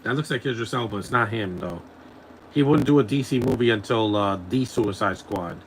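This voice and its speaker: A man's voice: lowish voice, moderate pace, slight background noise, poor audio. A man giving casual live commentary over a film, mocking it and chuckling often.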